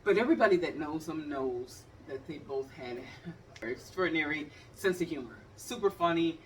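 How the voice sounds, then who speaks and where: Low, expressive, and moderately paced, this fifty-something vlogger from the Cleveland area performs funny stories straight to the viewer, acting out each scene. The recording is distant with slight background noise.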